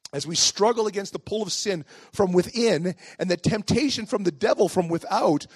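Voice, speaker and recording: A man with a fairly high voice preaches a sermon in an easy, conversational way, often asking his listeners questions. The recording is close and dry. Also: no echo. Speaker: pastor.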